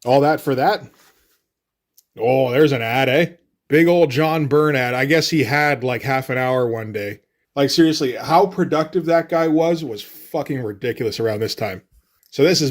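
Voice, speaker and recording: A man reviewing a comic book in casual solo commentary, relaxed and loose, swearing offhandedly. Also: medium pitch, moderate pace.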